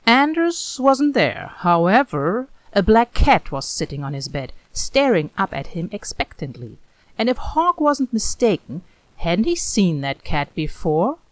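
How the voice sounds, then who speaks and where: A woman narrating a story aloud in an expressive, animated reading style. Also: medium pitch, unhurried, dry recording.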